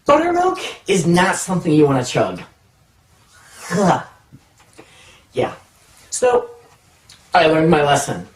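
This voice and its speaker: Guy doing story time, kinda high voice, jokey and animated, sounds roomy and far from the mic. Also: slow pace, long pauses. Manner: animated, self-mocking, acts out voices in his stories. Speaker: storytelling vlogger. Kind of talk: comic personal story time. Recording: echoey room, mic far off.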